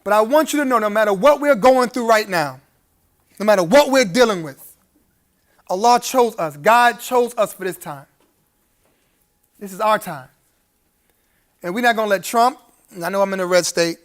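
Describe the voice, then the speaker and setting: A man's voice: high voice, moderate pace, pauses often. A man giving a live keynote speech at a gala, preacherly and humorous, chuckling through his asides and rising to emphatic appeals to the audience. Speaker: keynote speaker.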